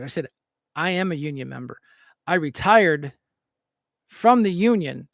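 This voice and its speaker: High-voiced man telling a heated story. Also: vocal fry, dry recording, studio quality. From Northwestern Pennsylvania. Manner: animated, retells arguments by acting out both sides. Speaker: show host. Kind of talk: casual storytelling monologue.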